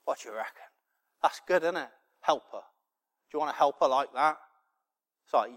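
A middle-aged man delivers a sermon, telling a homely story that swells into loud, impassioned preaching. His voice sits a little high for a man. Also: moderate pace, pauses often.

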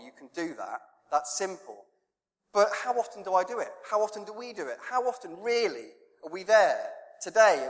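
A male pastor preaching a sermon in a conversational, self-deprecating way, acting out prayers and children's chatter. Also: high voice. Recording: long reverb in a church hall.

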